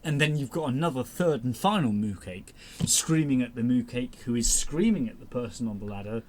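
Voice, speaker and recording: A man's voice: mid-range voice, brisk, hardly any pauses. Casual, swearing podcast co-host man. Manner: rambling, animated storytelling with heavy swearing. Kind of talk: casual chat.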